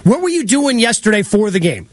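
A male sports radio host introducing the show and talking basketball in a brisk, stats-heavy way. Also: high voice, very animated.

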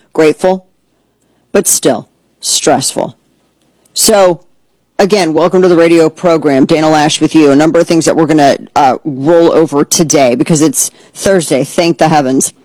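A woman's voice: low voice, darkish tone, no echo, low-quality recording. A woman hosting a political talk radio program, speaking in a heated, blunt and sarcastic way. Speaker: radio host.

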